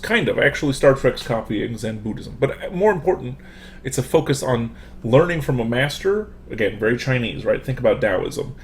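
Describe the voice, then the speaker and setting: A man's voice: mid-range voice, lively intonation, moderate pace, slight background noise. A man, a professor, giving a casual online lecture through a computer microphone, full of fillers and restarts.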